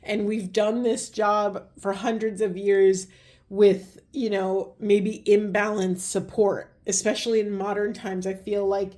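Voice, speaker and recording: A woman giving a spiritual card reading, talking in a meandering way and searching for words, with her voice going a little hoarse. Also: medium pitch, level tone, measured pace, mellow. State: voice getting hoarse. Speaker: tarot reader.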